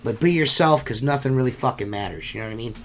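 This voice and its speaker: A man's voice: mid-range voice, fast talker, a bit bright. A man hosting a solo podcast, talking in a rambling, heartfelt way and swearing often. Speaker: podcast host.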